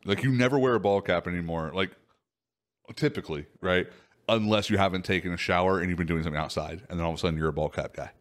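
A man's voice: deep voice, quick pace. A man co-hosting a casual podcast chat, teasing his partner and steering the talk with probing questions. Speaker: podcast co-host.

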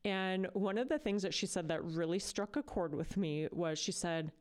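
A woman's voice: fairly low pitch, normal speed, darkish tone. A woman hosting a podcast, talking in a casual, earnest and chatty way. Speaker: podcast host. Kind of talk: casual solo podcast talk.

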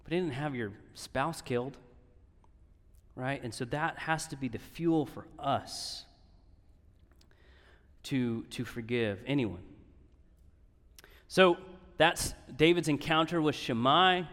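A man's voice: medium pitch, slow, pauses often, a bit bright. Man preaching in a reverberant hall. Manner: earnest, often asks "right?". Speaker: pastor. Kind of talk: sermon.

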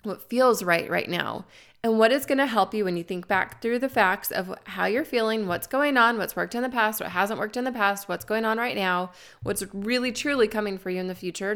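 A woman's voice: mid-range voice, fairly bright tone. Woman host in her thirties, earnest and encouraging, talking listeners through confidence steps, leans on key words. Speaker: podcast host. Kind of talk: coaching talk to listeners.

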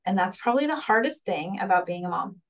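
Here a woman with a medium-pitched voice talks fast and animatedly, positioned a little far from the microphone. As a podcast guest in frank, conversational chat about parenting, she's earnest, laughs a lot, and voices lines for her child and herself.

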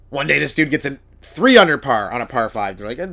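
A man, a comedian hosting his own podcast, riffing through a stand-up monologue, swearing freely and breaking into loud exaggerated voices. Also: mid-range voice, very animated, fairly quick, vocal fry. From Canada.

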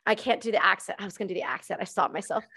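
A woman's voice: medium pitch, very fast, gravelly, bright, forceful tone, slightly rough. A woman host in casual chat, candid and jokey, swearing freely.

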